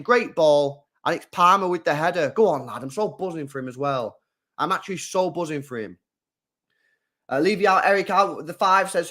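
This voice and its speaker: Excitable high-voiced man streaming football. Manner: excitable fan, swings from loud shouts to low mutters. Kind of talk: live football watchalong commentary.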